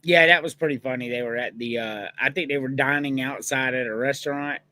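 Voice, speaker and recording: A man's voice: medium pitch, fairly even intonation, fairly quick, pushed and bright. A man hosting a casual podcast chat over a video call, laid-back and trailing off with ums and uhs. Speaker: podcast host.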